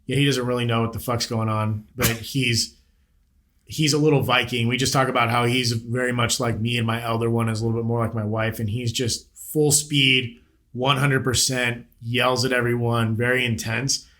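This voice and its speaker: A man in his thirties with a middle-pitched voice hosts a laid-back podcast chat. He jokes around and swears freely, talking bluntly and casually. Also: level tone, normal speed, a bit bright. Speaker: podcast host.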